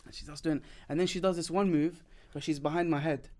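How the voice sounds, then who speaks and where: A man with a high voice hosts a casual podcast chat. He tells a story with a lot of energy, acts out what other people said, and laughs through his lines in slangy talk. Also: a little fast. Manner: animated, acts out dialogue of others. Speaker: podcast host.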